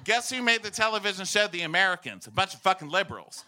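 Loud, very bright-voiced man ranting. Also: high-pitched, fast talker, a little hiss or hum. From Texas. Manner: animated, swears a lot, bursts into shouts. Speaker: podcast guest. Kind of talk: comedic rant.

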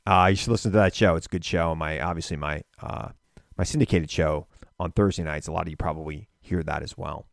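A man hosting a political show, delivering an animated, indignant monologue full of rhetorical questions. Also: deep voice, fairly quick, gravelly, no echo, clean studio sound. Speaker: political radio and podcast host.

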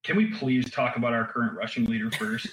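Bright-voiced man, wry podcast guest. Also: medium pitch, a little fast, echoey room, rough recording. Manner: wry, laughs often. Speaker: guest team analyst. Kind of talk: casual podcast chat.

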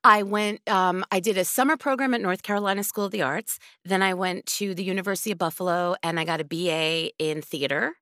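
A woman's voice: fairly low pitch, a little fast, few pauses, bright, forceful tone, dry recording, studio quality. A woman in her forties, a voiceover artist, chatting in an interview and laughing often. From Queens, New York. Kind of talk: casual interview chat.

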